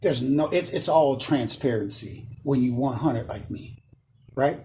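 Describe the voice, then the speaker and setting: A man's voice: mid-range voice, measured pace, a little mellow, slight background noise. Boastful man ranting with emphatic repetition. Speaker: spiritual channel host. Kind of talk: casual monologue to camera.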